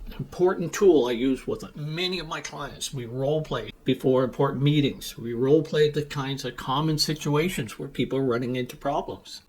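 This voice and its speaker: A middle-aged man coaching business English, speaking in a clear, deliberate, emphatic way with pauses. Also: a little high. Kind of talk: teaching monologue to camera.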